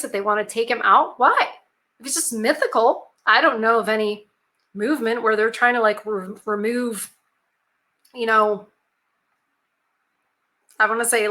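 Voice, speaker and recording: A woman's voice: fairly high pitch, sharp tone. A woman hosting her channel, chatting casually and reading a fairy tale aloud with frequent asides and emphatic rhetorical questions. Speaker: channel host. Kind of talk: casual commentary and storybook reading.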